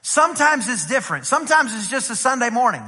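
This East Texas man, a pastor with a local accent, has an extremely high-pitched voice and a quick pace. He animatedly acts out the dialogue in a story-driven sermon from the church sanctuary, where the hall echoes around him.

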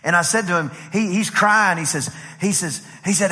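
A high-pitched man preaches a conference sermon in a lively storytelling style, repeating "I said" as he acts out conversations. His voice is bright and ringing, and a long hall reverb trails behind it. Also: normal speed. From Texas. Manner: lively, repeats "I said" while acting out dialogue. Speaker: pastor.

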